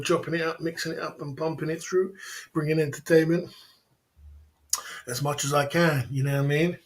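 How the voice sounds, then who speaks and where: A man's voice: on the high side, fairly even intonation, fairly quick, long pauses, low-quality recording. A man hosting a casual livestream chat, bantering in slang, laughing often and repeating his catchphrases. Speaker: livestream host.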